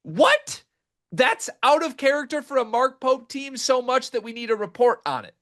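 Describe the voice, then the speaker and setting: A man's voice: extremely high pitch, brisk, a bit bright. Emphatic man hosting sports talk. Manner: emphatic, incredulous, rambling. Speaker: sports podcast host.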